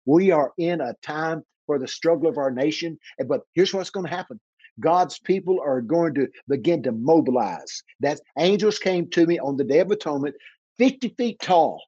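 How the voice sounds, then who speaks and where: A man preaching on a talk show, fervent and fast, often repeating and stumbling over his words. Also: on the high side, warm tone, breathy edge, dry recording, lo-fi sound. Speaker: guest preacher.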